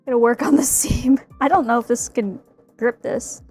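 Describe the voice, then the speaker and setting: A woman's voice: fairly high pitch, moderate pace, darkish tone, slightly rough, soft background music. A woman streaming casually from an indoor workspace as she works on a craft, laughing often and exclaiming in mock fright. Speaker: streamer making a cosplay prop. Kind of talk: casual live-stream chat.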